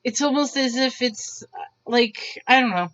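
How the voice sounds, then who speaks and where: Speaking a little high and a little slowly, this woman vlogger tells loose, meandering stories and voices the quoted lines of each person with animation. Her audio is dull and lo-fi.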